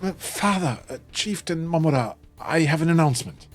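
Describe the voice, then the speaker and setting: A man's voice: fairly high pitch, expressive, normal speed, faint music behind, pitched above the performer's own voice. A man voicing a nervous young clansman whose voice cracks as he speaks up, in a tabletop game.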